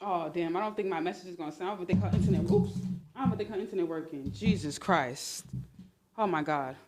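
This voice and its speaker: A woman hosting a casual livestream on her phone, talking in a sarcastic, exclamatory and animated way. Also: fairly low pitch, fairly quick, slight background noise. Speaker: livestream host.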